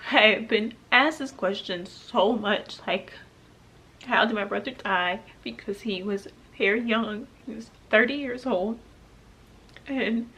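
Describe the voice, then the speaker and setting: Breathy, emotional woman telling a personal story. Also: on the high side. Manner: emotional, halting, soft-spoken with pauses and restarts. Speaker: vlogger.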